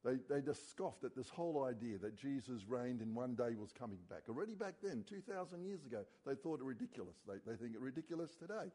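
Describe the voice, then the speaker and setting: Pastor, male, warm mellow tone, earnest sermon delivery that sinks quiet on key words. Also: mid-range voice, animated, fast, hardly any pauses.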